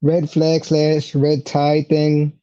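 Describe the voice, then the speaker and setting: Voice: medium pitch, completely flat delivery, takes it slowly, mellow. Stammering podcast co-host, muffled audio. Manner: stammering, laughing, loose. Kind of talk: casual wrestling chat. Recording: dull, muffled mic.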